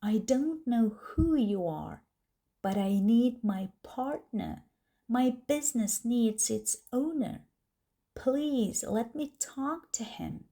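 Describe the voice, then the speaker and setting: A woman's voice: sits high, very animated, extremely slow, vocal fry, dark tone, voice pushed up, heavily acted. A woman voicing an upset man on the phone, a worried business partner who pleads urgently and sounds close to tears. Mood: pleading.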